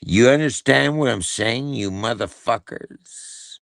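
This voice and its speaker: A man rants on his live stream in a repetitive, profane, mocking way. He talks very slowly, and his pitch swings up and down widely. His gravelly voice sounds dry and close, with no room echo. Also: very animated, a bit bright. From Canada.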